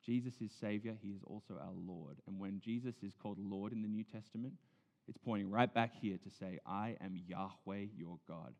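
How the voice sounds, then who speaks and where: A man's voice: on the low side, a little fast, creaky. Earnest male pastor preaching in a hall. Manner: earnest, swings from loud emphasis to hushed near-whisper. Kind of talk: sermon. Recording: dull sound in a big reverberant hall.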